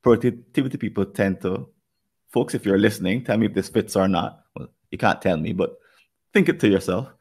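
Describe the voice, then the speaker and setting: Gravelly Jamaican man, thoughtful. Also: on the low side, darkish tone. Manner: thoughtful, speaks in halting restarts. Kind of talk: podcast conversation.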